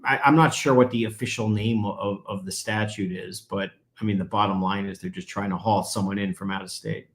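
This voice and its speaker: A man's voice: lowish voice, fairly even intonation, fairly quick, few pauses. Man explaining law, emphatic. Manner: explanatory, grows emphatic when pressing a point. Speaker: guest attorney. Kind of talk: legal analysis in conversation.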